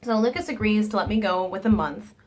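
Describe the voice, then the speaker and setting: A young vlogger with a nasal, medium-pitched voice recounts a storytime in a brisk, casual way, animatedly performing the lines of the people she describes.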